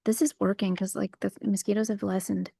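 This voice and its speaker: A woman livestreams outdoors, chatting casually and ramblingly with her viewers, her talk packed with likes and you-knows. Her medium-pitched voice is brisk, gravelly and husky, recorded in studio quality with no echo.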